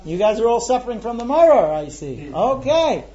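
High-voiced man leading a group meal. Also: big pitch swings, warm tone, highs cut off. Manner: instructive, brisk, good-humored. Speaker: seder leader. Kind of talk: explaining and leading a ritual meal. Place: room with a group of guests.

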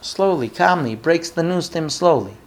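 A man's voice: fairly high pitch, lively intonation, normal speed. A man teaching a Bible lesson, telling the story with acted-out dialogue and putting questions to his listeners, sometimes repeating words as he thinks. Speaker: Torah teacher.

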